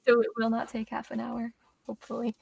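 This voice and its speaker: A woman's voice: a little high, monotone, brisk, creaky, a little mellow, breathy edge. A chatty, upbeat teenage girl in a casual talk about writing. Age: teens. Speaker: author and co-host.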